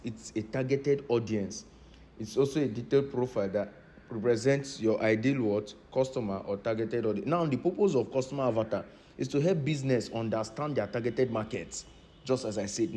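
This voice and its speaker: A man's voice: medium pitch, dark tone. A man teaching a business training class, repeating key points and often asking his students if they understand. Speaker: instructor. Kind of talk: lecture-style class.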